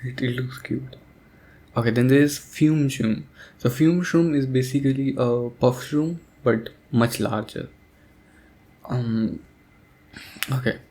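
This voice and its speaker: Drowsy young man rambling softly. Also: mid-range voice, slow pace, pauses often. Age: young adult. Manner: drowsy, hesitant, soft-spoken with many fillers. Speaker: audio creator. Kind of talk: sleepy rambling talk as a sleep aid.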